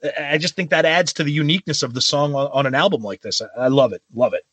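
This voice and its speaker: A man co-hosts a music podcast with a bright, slightly high voice. He talks in an excitable, jokey way. The sound is dry and close. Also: fast talker, breathy edge, dry recording. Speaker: podcast co-host. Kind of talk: casual chat.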